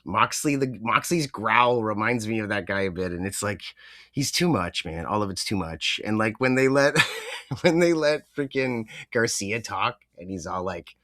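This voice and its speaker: Young guy rambling on a podcast, lotta likes and you knows, kinda low voice. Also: lively intonation, unhurried, sharp tone. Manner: rambling, filler-heavy, swears casually. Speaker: podcast co-host. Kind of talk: casual chat.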